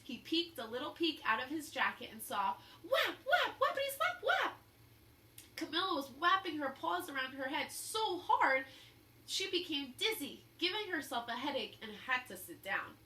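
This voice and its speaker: A woman reading a children's picture book aloud, pausing to explain the story to young listeners. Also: sits high, very animated, sharp tone. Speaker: storybook reader. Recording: roomy echo, faint hum.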